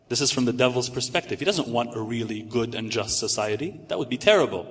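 A man's voice: mid-range voice, expressive, fairly quick. Emphatic male speaker in an echoing hall. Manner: emphatic, building lists with rising stress. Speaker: religious speaker. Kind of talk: religious lecture to a live audience. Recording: echoey hall reverb.

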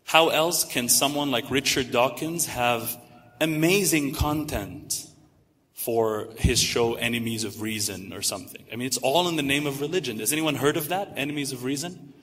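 A man's voice: medium pitch, moderate pace, a bit bright, a little hiss or hum. A man giving a religious lecture to a live audience, emphatic, building lists with rising stress. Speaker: religious speaker. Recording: echoey hall reverb.

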